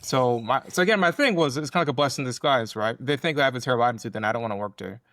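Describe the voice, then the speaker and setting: A young man in his twenties talks bluntly on a podcast in a rambling, casual way, full of fillers. His voice is mid-pitched and recorded close and dry. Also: very fast, a bit bright, no echo. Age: 20s. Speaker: podcast co-host.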